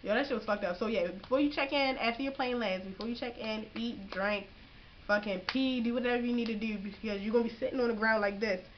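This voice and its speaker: Young woman, casual vlogger; profane, slangy, animated; dull lo-fi audio. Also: a little high, quick pace, a little hiss or hum. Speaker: vlogger giving boot camp advice. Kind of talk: casual advice vlog.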